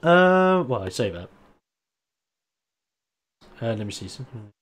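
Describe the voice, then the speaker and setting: A man's voice: medium pitch, big pitch swings, measured pace, a bit bright, a little hiss or hum. A man running a tabletop role-playing game as game master, narrating the action casually and laughing often.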